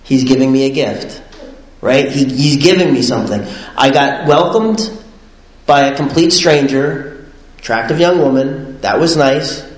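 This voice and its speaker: A man shares his story casually, rambling and animated, with constant fillers and quick laughs. His voice sits at a middle pitch and carries an echoey room sound. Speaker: speaker sharing his recovery story.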